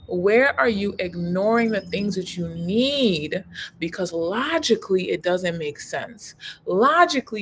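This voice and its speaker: A woman's voice: medium pitch, creaky, a bit bright, a little hiss or hum. Emphatic, slangy woman coach talking to camera. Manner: emphatic, repeats key words, slangy and conversational. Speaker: human design coach. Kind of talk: casual direct-to-camera talk.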